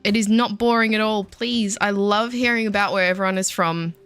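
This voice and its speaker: A woman's voice: medium pitch, steady tone, fairly quick, fairly bright tone, clean tone, soft background music. A woman chatting casually with her viewers while she plays, self-deprecating and easily sidetracked. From Australia. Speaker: game streamer. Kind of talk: casual chat while gaming.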